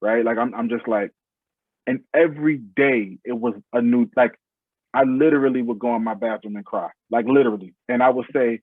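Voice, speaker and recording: A man tells his story as a podcast guest in a husky voice, earnest and heartfelt, his phrases starting over as he goes. The sound is thin and phone-like, and dry with no room around it. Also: mid-range voice, a little fast, dry recording. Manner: earnest, heartfelt, speaks in loose restarting phrases. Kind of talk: casual interview storytelling.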